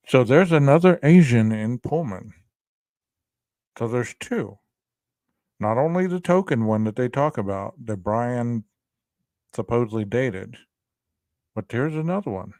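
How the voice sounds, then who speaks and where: A man's voice: mid-range voice, darkish tone, dry recording. A chatty man talking casually on a podcast, turning often to ask his listeners what they think. His voice sits in the middle range and sounds close and dry, with no room around it. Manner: chatty, addresses listeners directly. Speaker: podcast co-host. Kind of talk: casual commentary.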